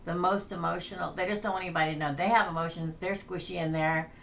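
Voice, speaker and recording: A woman's voice: fairly low pitch, fairly even intonation, fast, vocal fry, fairly bright tone, a little hiss or hum. A woman tarot reader hosting a casual livestream, chatting, laughing and reading names off a list.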